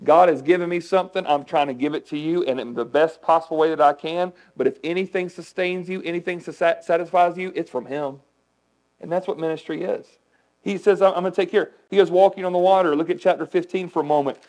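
A man preaching a sermon as pastor, conversational and animated, asking the congregation questions. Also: on the high side, a little fast, rough recording.

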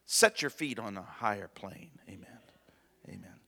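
A male pastor preaching a sermon in a relaxed, conversational way, asking for amens and chuckling with his congregation. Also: fairly low pitch, a little slow, creaky. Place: church sanctuary. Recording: long church hall reverb.

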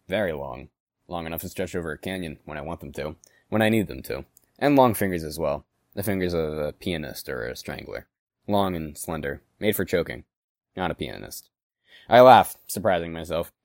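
Man voicing a sinister long-fingered creature, slow and measured, deep voice, dry close sound. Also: animated, dry recording. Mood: menacing. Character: long-limbed sinister male creature, calm and creepy.

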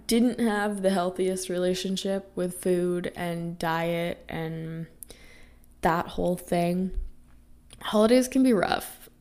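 Raspy-voiced woman rambling on a podcast. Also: on the low side, darkish tone. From Canada. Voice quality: gravelly. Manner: chatty, rambling with many fillers. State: getting sick, raspy voice. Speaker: podcast host. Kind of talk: casual chat.

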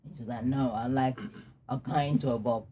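A man's voice: medium pitch, steady tone, brisk, very noisy. Young man telling his story, laughing easily. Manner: candid, laughs through dark memories. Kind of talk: casual personal storytelling.

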